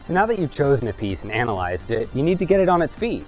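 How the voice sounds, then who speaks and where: A young adult man, an acting coach, giving scripted instructional narration in a clear, measured, lightly playful tone. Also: mid-range voice, sing-song, darkish tone, soft background music.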